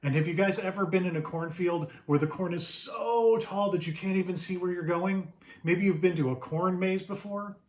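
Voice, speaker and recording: A man reading his picture book aloud to children, animated and often asking the listeners questions. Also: high-pitched, moderate pace. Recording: roomy echo.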